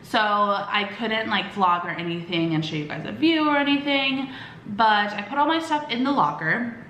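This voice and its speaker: A woman's voice: mid-range voice, lively intonation, fairly bright tone, roomy sound, highs cut off, a little hiss or hum. A young woman vlogger telling a personal story in casual chat, rambling with lots of fillers and acting out quoted lines. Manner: acts out quoted lines with quick voice shifts.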